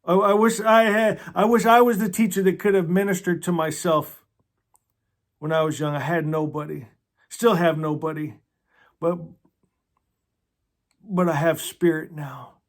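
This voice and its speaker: A man hosting a casual book club, talking earnestly and emotionally, often stumbling over restarts and sinking into a soft hush. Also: fairly high pitch, fairly even intonation, a little slow, pauses often. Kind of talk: casual book discussion with read-aloud passages.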